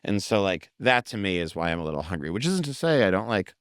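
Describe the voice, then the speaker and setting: Fast-talking man, low voice, dry sound. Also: smooth, dry recording. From United States. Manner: rapid, animated, many fillers, swears. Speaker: comedian guest. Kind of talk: casual interview chat.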